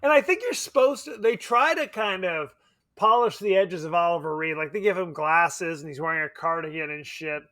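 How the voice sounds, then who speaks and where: A man's voice: fairly high pitch, moderate pace, sharp tone, dry recording, clean studio sound. A man co-hosting a podcast, chatting casually and animatedly about a horror film, laughing and swearing. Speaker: podcast co-host.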